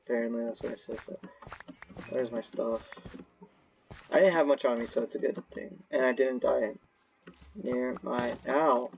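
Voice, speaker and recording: A man's voice: mid-range voice, fairly even intonation, moderate pace, gravelly, pauses often. A man rambling through solo gameplay commentary on a cheap microphone, erratic and given to shrieking and swearing at sudden scares. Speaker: gaming video creator. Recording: dull lo-fi mic with faint hiss.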